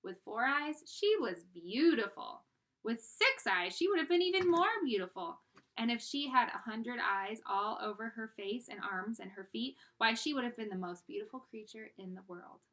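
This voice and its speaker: A woman narrating a children's chapter book in an expressive, animated read-aloud. Her voice sits a little high and sounds bright. Her pitch swings widely. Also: moderate pace. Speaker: storyteller.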